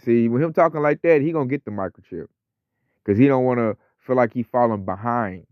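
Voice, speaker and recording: A man's voice: medium pitch, fairly quick, clear, resonant tone, dry recording. A man giving an informal scripture lesson in a mid-range voice, talking slangy and loose and mimicking other people's voices as he goes. The recording is dry and a bit muffled, with no room sound. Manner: conversational, slangy, acts out quoted voices. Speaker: religious teacher.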